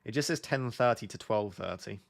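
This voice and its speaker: Young british guy streaming, low gravelly voice, just chatting away with viewers. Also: fairly quick. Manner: chatty, reads chat questions aloud. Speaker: streamer host. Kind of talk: casual live-stream chat.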